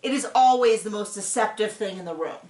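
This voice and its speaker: In a roomy-sounding recording, a woman with a mid-range voice talks a little fast as she casually recaps a reality show. She's animated throughout, performing quotes from the show's people in voices.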